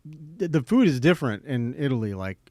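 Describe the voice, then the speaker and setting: A man's voice: medium pitch, big pitch swings, a little fast, mellow, no room sound, clean studio sound. Rambling man hosting a chat podcast. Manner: rambling, lots of fillers and restarts. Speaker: podcast host. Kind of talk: casual chat.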